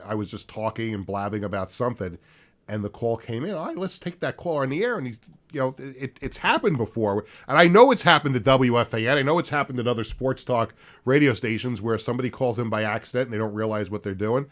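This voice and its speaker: A middle-aged man hosting a sports talk radio show, telling stories in a rambling, laughing way with many fillers. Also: medium pitch. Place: radio studio.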